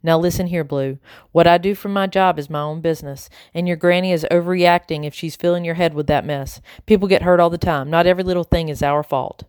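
A woman's voice: fairly low pitch, steady tone, a little fast, a little mellow, clear, resonant tone, no room sound, studio quality, natural voice. A woman reading aloud, voicing a tired, defensive father speaking in a tight, flippant tone.

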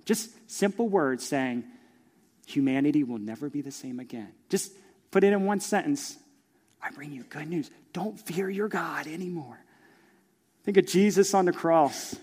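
Middle-aged preacher, fairly high-pitched, storytelling sermon, shifts from hush to loud, long hall reverb. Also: male voice. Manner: storytelling, acts out voices, swings from hushed to loud. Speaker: pastor.

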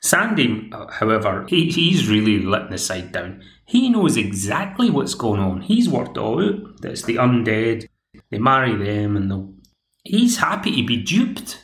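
A man's voice: medium pitch, big pitch swings, a little slow, fairly bright tone. A male podcast host giving a casual, wry episode recap with many asides and restarts. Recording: echoey room.

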